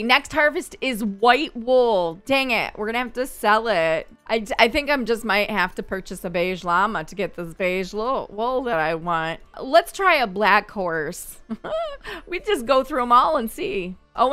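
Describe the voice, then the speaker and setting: A woman hosting a gaming channel, chatting and thinking aloud as she comments on her gameplay, quick to laugh. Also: medium pitch, a bit bright, clear, resonant tone.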